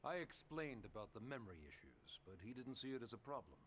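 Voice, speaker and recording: A man's voice: medium pitch, very animated, brisk, slight background noise. An actor playing a polite, persuasive male official in a video game who coaxes people into agreeing. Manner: polite, coaxing, quietly manipulative. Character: smooth-talking male official, persuasive and sly.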